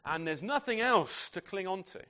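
A man delivers a sermon in a chatty, conversational manner and keeps checking in with his listeners through rhetorical questions. His voice sits high and swings widely in pitch. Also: expressive, moderate pace, sharp tone. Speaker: preacher.

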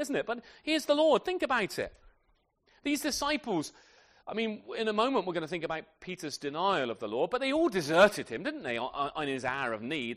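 Animated preacher man. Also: high voice. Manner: animated, asks tag questions often; swings between loud emphatic and soft quiet delivery. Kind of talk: sermon.

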